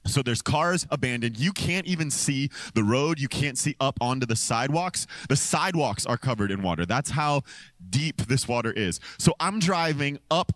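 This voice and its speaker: A man preaching a sermon into a microphone, telling a story with lively swings between low, deadpan lines and excited high exclamations. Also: normal speed, no echo. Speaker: pastor. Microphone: handheld or stand microphone.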